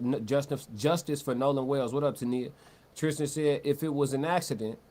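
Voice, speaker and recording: A male livestream host with a mid-range, warm voice reads chat and comments live. He talks in a loose, slangy, conversational way, often repeating words and restarting sentences.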